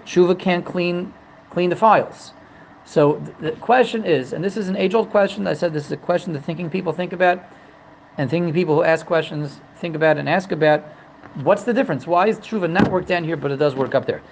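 A man's voice: high-pitched, a little fast, gravelly, a little hiss or hum, low-quality recording. A man teaching a religious text, humorous and digressive, often repeating and restarting his phrases. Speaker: Torah teacher. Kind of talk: religious lesson.

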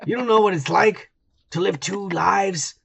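High-voiced rowdy tipsy man. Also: a little slow, vocal fry, slight background noise. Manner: loud, profane, rowdy, tipsy. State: drinking beer. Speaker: podcast co-host. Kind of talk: drunk casual banter reading comments.

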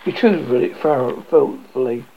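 A man reading a novel aloud in an amateur, halting way, often stumbling and restarting words. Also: mid-range voice, gravelly. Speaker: audiobook reader. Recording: dull lo-fi audio.

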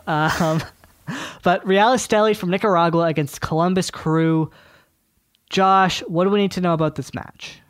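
A man co-hosts a casual sports podcast, his voice sitting a little high. He talks in loose, chatty runs full of fillers and side remarks. The sound is close and dry. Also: steady tone, normal speed, clean tone, no echo. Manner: chatty, thinks aloud with fillers and asides. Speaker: podcast co-host.

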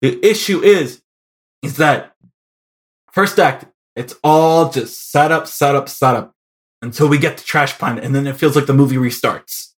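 A man's voice: mid-range voice, normal speed. A young man co-hosting a podcast, chatting casually and acting out quotes in put-on voices. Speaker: podcast co-host.

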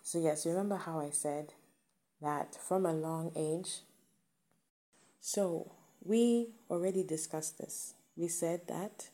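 A woman's voice: lowish voice, slow pace, mellow. A woman giving an earnest, emphatic motivational talk to camera, repeating her key points.

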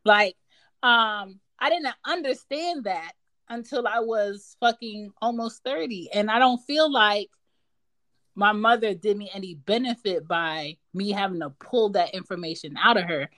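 A woman's voice: mid-range voice, measured pace, a bit bright, no room sound. Blunt, candid woman in casual chat. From Philadelphia. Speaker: mother of daughters.

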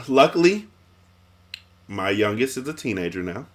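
A man's voice: medium pitch, very animated, measured pace. A middle-aged man in casual chat, retelling a story with rambling fillers and restarts.

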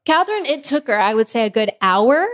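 A pregnant woman co-hosting a podcast, telling a story in a casual, animated way with frequent laughs. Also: on the high side, a little fast. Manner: animated, laughing often, acting out family members' lines. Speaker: podcast co-host.

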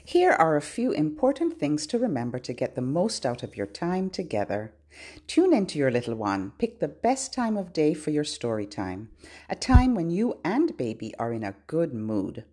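A woman who works as a children's librarian, hosting a podcast for babies and singing nursery rhymes and songs in a gentle, sing-songy way. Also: wildly swooping pitch, husky. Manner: gentle, slow and sing-songy, with playful high and low hellos.

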